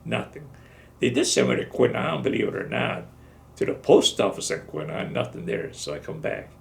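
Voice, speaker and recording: Older man in his seventies, gravelly-voiced veteran, blunt and salty storyteller in an interview. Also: medium pitch, sing-song, normal speed. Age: 70s. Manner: salty, blunt retelling with profanity. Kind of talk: oral history storytelling.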